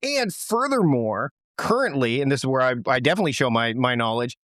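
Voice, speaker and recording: A man's voice: mid-range voice, expressive, brisk, fairly bright tone, no room sound, clean studio sound. A man hosting a podcast interview, speaking in a reflective way and building his points step by step. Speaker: podcast host. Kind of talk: conversational interview.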